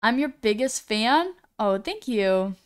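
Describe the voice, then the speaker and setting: A woman's voice: fairly high pitch, expressive, takes it slowly, smooth. A woman streaming live, chatting casually as she reads viewers' messages aloud, often stumbling over names and apologizing.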